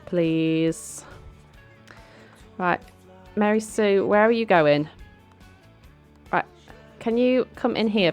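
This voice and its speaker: Low-voiced woman playing a game. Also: smooth. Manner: chatty, bossy with her characters, giggly. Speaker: let's play host. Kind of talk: casual gameplay commentary. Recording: faint background music.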